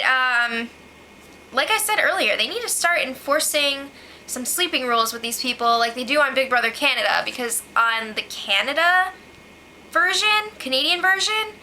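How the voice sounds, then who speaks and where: A young woman with a high, sharp, bright voice recaps a reality show in a loose, chatty way. She keeps slipping in "like" and often turns sarcastic. Her tone stays casual throughout. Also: slight background noise, low-quality recording.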